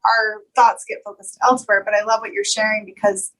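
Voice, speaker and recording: A woman's voice: medium pitch, flat delivery, brisk, low-quality recording. A woman hosting a wellness podcast, affirming her guest and summing up ideas in casual talk. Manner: warm affirming interviewer. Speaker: podcast host. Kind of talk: casual interview, then scripted outro.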